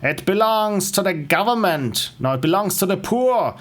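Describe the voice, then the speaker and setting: A man mimicking Andrew Ryan, a raised-pitch orator with a German accent. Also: lively intonation, normal speed, fairly bright tone. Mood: defiant. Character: grandiose male tycoon giving a defiant speech.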